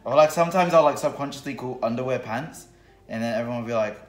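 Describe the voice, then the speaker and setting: A man's voice: medium pitch, normal speed, pauses often. Rambling young man with an Australian accent. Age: young adult. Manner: rambling, animated, many fillers. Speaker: host's son. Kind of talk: casual family chat. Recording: echoey room, faint music.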